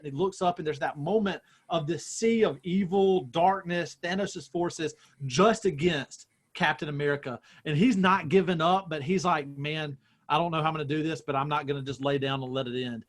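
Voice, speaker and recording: A young adult man, a pastor, telling a story with growing excitement in casual chat on a video call. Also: a little high. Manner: excited storytelling, self-described nerd.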